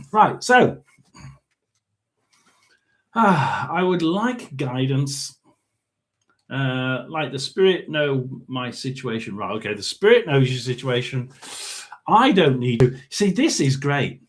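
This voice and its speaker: Chatty man, lively rising voice. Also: medium pitch, slow, long pauses. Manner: chatty, muttering asides, frequent throat clearing. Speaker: tarot reader and spirit box host. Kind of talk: casual live reading.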